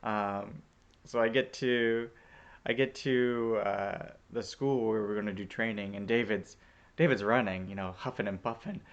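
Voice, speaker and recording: A man's voice: lowish voice, fairly even intonation, a little slow, lo-fi sound. A man casually telling a story about his volunteer days to a vlog audience, chatty and easygoing with plenty of fillers. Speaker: returned Peace Corps volunteer.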